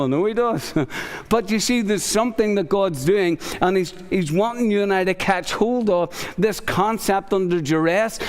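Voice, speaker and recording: A man with a high voice preaching a lively sermon, slipping into the voices of biblical figures. His voice rings out through a large church hall with a long tail of reverb. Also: smooth. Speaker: pastor.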